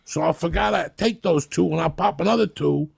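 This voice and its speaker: A man's voice: fairly high pitch, fairly quick, creaky, a little mellow, slightly rough, no echo, studio quality. A man in his fifties telling rambling, profane stories in a casual podcast chat. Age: 50s. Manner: rambling, profane, laughing storyteller. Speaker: podcast host.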